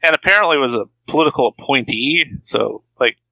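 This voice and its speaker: A man's voice: medium pitch, animated, a little fast, gravelly, bright, forceful tone, no room sound, poor audio. A man co-hosting a podcast, adding context and commentary on a film and its era in casual chat. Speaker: podcast co-host.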